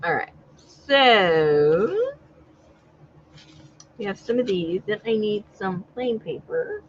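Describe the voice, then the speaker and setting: A woman's voice: medium pitch, big pitch swings, slow pace, muffled recording, a little hiss or hum. A woman hosting a casual crafting chat, talkative and teasing, laughing often. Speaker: crafting channel host.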